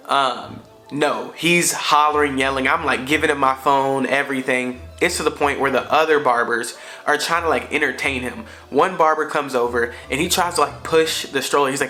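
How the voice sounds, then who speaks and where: A man's voice: medium pitch, moderate pace, pushed and bright, soft background music. A father vlogger, a man telling a family story in a slangy, conversational way with frequent fillers. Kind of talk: casual storytelling to camera.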